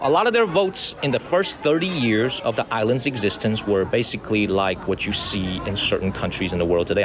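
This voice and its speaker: A man from the United States hosting a live-streamed walking tour outdoors, chatting to viewers, thanking them by name and repeating his points. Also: medium pitch. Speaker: livestream tour host. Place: outdoors at a historic residence. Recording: outdoor street noise.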